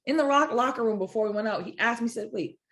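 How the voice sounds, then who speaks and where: A woman's voice: on the high side, fast. A woman boxer in her thirties, chatting as an interview guest, acting out quotes and laughing often as she tells stories. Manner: animated storyteller, acts out quotes, laughs often. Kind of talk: casual interview chat.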